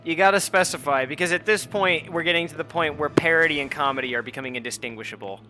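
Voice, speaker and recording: A man with a high, bright voice chats with his viewers while he streams a game. He swears freely and slides into exasperated, high shouting rants. Faint game music plays behind him. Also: fast. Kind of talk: casual gameplay stream chat.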